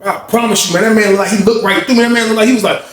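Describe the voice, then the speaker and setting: A man's voice: high voice, racing, reverberant, slight background noise. A man telling a story in casual street slang, acting out the voices of the people in it. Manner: animated, acts out quoted voices, slangy street talk.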